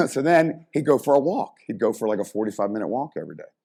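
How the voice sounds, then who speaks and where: A man's voice: mid-range voice, quick pace, gravelly, breathy edge. A middle-aged man, a former strength coach, telling stories in a casual interview and acting out the people in them. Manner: animated storyteller, acts out quoted voices.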